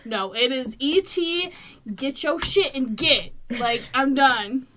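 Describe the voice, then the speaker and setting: This woman in her thirties co-hosts a relaxed chat, her voice sitting somewhat high. She talks in an animated, salty way and acts out quotes loudly. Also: takes it slowly. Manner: animated, swearing, loud acted-out quotes. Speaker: podcast co-host. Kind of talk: casual chat.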